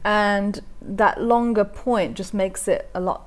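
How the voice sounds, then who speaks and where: A woman's voice: mid-range voice, slow pace. A woman guest demonstrating appliqué on a live craft broadcast, explaining each step plainly and practically. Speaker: quilting tutor guest.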